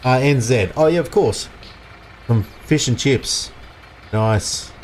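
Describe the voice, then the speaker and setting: A man's voice: medium pitch, takes it slowly, a little hiss or hum. An Australian man giving casual, rambling commentary while livestreaming a farming game and chatting with his viewers. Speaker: livestream gamer. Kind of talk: casual live gameplay commentary.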